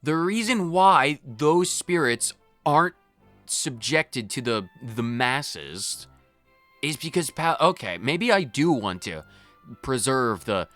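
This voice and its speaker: A man's voice: medium pitch, sing-song, slow pace, fairly bright tone, faint music behind. A man hosting a game playthrough, commenting in character with a theatrical, wry manner. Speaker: gaming channel host. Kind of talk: role-played game commentary.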